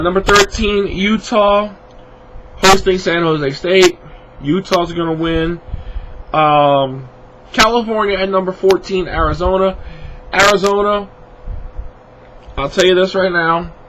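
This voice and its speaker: A high-pitched man rambles sleepily through his football picks against a noisy background. He's a sports vlogger making casual spoken predictions, yawning often and correcting himself amid plenty of fillers.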